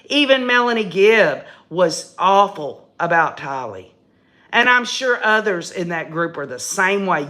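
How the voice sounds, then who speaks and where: A woman's voice: mid-range voice, sharp tone. A middle-aged woman giving emphatic live commentary on a true-crime case and talking straight to her viewers. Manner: emphatic, addresses viewers as "y'all", repeats and restarts when indignant. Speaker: livestream host.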